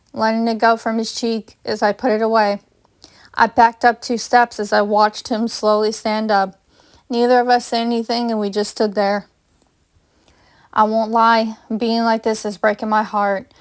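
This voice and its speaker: A woman reading her own first-person fan story aloud, with small slips and restarts. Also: a little high. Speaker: fanfiction reader.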